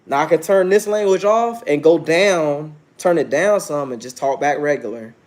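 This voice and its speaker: A man's voice: a little high, moderate pace, darkish tone. A man in his thirties hosting a casual livestream, talking brashly and preaching at his viewers, challenging chat to answer him. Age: 30s. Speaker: livestream host.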